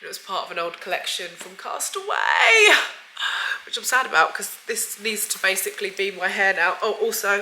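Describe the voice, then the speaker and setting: A woman talks straight to camera from her home in a casual, effusive vlog style, dropping in lots of "like" and "guys". Her voice is bright and forward, and it sounds a little stuffy, as if she has a cold coming on. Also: medium pitch, very animated, a little slow, a little hiss or hum, poor audio. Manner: chatty and effusive, frequent "like" and "guys". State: slightly stuffy, bunged up. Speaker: beauty vlogger. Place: at home, indoors.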